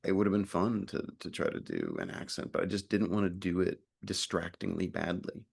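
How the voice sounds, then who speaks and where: A young adult man talks through an interview in a deep, low register with a gravelly, fried edge. His voice is a little husky, and he rambles, restarting sentences and stacking up fillers. He swears casually as he goes. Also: very animated, a little fast. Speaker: actor being interviewed.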